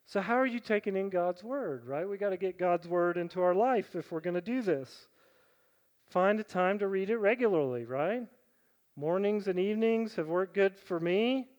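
A middle-aged man preaching a sermon as pastor. He talks conversationally, often checking in with "right?", and swings between loud, emphatic questions and quiet, low asides. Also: lively intonation, moderate pace, muffled recording. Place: church sanctuary.

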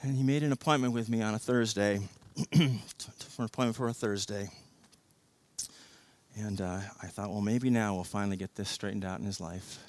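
A man preaching a sermon as pastor, passionate, swinging from hushed storytelling to loud, emphatic exhortation. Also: fairly low pitch, steady tone, moderate pace, long pauses.

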